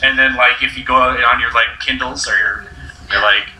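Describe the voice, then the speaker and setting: A young man hosting a casual chat with friends, rambling and animated as he tells stories. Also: medium pitch, normal speed, slight background noise. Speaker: host. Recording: roomy echo, distant mic.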